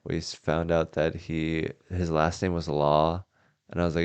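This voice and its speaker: A man's voice: extremely low pitch, flat delivery, measured pace, clear, resonant tone, no echo, dull audio. A man hosting a casual podcast chat from a house, laid-back and wry, swearing freely. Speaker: podcast host.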